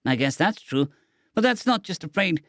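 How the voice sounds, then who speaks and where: A man's voice: high voice, sing-song, moderate pace, fairly bright tone, no echo, clean studio sound, pitched above the performer's own voice. A man voicing an earnest young avian alien boy cadet who speaks earnestly, trying to keep up.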